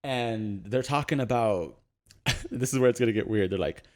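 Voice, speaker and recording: Young guy on a podcast telling a wild story, laughs a lot, mid-pitched, lots of "like" and "right". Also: normal speed. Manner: animated anecdote with frequent laughs and fillers.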